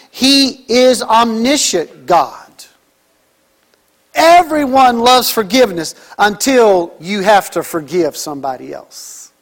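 A middle-aged male pastor preaching a sermon, swinging between loud emphatic lines and soft, drawn-out ones. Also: sits high.

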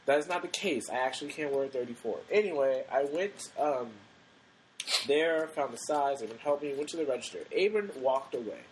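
A man's voice: medium pitch, expressive, a little fast, slight background noise, rough recording. A young man in his late teens co-hosting a podcast, telling a rambling story and acting out the quotes. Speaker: podcast co-host. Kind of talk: casual chat.

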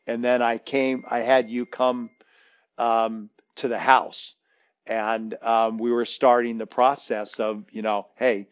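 A man's voice: medium pitch, level tone, slow pace, smooth, dull audio. A man who coaches basketball, telling a long story in casual chat, rambling with many restarts and fillers.

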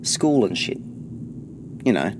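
A man's voice: fairly low pitch, sing-song, takes it slowly, background noise. A man voicing an awkward teenage boy. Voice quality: awkward, hesitant.

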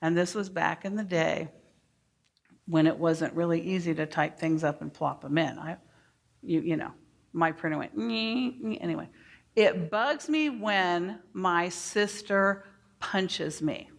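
A middle-aged woman giving a workshop to teachers, speaking deliberately and modeling phrases for the audience to repeat. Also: lowish voice, gravelly. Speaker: early childhood educator giving a workshop.

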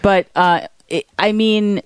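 Female co-host, casual film talk, mid pitch, dry close-miked sound. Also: steady tone, slow pace, clear, resonant tone, dry recording. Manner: chatty, many brief agreements. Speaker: podcast co-host. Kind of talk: casual film review chat.

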